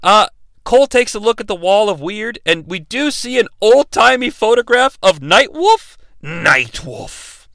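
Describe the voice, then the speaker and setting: A man's voice: high voice, expressive, normal speed, creaky, a bit bright, no room sound. A young adult man hosting a sarcastic, profane comedic movie recap. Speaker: movie reviewer, host.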